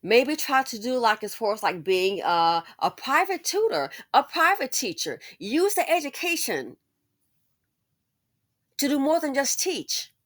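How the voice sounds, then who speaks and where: Commentary host: preachy woman, slightly high voice, dry close sound. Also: big pitch swings, a little slow, fairly bright tone, no room sound. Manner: preachy, emphatic, repeats phrases. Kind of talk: casual commentary monologue.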